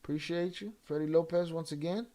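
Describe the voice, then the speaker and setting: A man's voice: a little high, steady tone, fairly quick. Slangy, profane livestream host, man. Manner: reads out chat shout-outs in slangy, profane talk; flares up into heated, cursing rants. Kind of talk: casual livestream chat.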